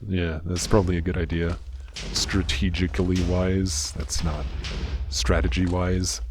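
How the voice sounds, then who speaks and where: Soft-spoken low-voiced gaming commentator. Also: male voice, level tone, measured pace, background noise. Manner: soft, muted, mumbly delivery; low-energy, understated, self-deprecating. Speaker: gaming channel host. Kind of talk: casual gameplay commentary.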